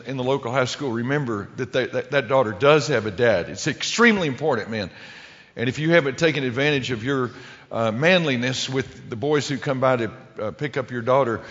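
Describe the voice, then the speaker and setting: A man's voice: medium pitch, a bit bright. A middle-aged man preaching a humorous sermon story in a folksy way, stumbling and restarting often. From American Midwest. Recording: muffled hall recording with long reverb.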